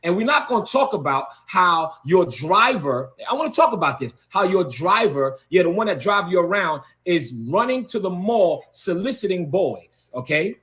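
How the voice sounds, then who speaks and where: A man's voice: high-pitched, very animated, moderate pace, hardly any pauses, a bit bright. A man, a bishop, delivering a heated, confrontational video rant and repeating words for emphasis.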